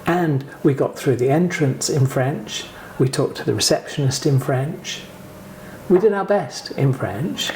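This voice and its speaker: A man's voice: medium pitch, lively intonation, unhurried, darkish tone, slight background noise. A middle-aged English man co-hosting a vlog, supportively prompting his partner through a hard story. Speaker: vlog co-host. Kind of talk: candid conversation. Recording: roomy echo.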